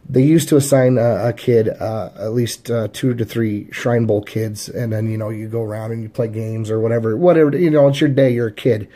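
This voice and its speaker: A man in his thirties tells his life story in a loose, rambling way, stopping and restarting often and leaning on fillers. His voice is warm and dark in tone and sits at an ordinary pitch for a man. He is from the Chicago area. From Chicago area, USA. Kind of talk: casual personal storytelling.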